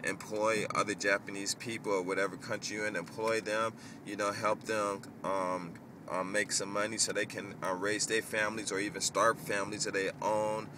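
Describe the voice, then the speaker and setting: A man's voice: fairly low pitch, normal speed, few pauses, noisy background. A man ranting casually in a vlog, rambling and cursing as he tells stories. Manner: profane, rambling, animated storytelling. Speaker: vlogger. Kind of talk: casual rant.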